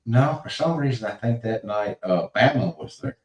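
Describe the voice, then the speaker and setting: Middle-aged male co-host, rambling storyteller, low voice, distant and roomy. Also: expressive, moderate pace. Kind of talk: casual storytelling chat.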